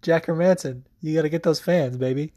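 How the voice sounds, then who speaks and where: A man's voice: on the high side, brisk, mellow, no echo, studio quality. A young man hosting a podcast, giving casual, profane sports commentary full of fillers. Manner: loose and profane, lots of fillers. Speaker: podcast host.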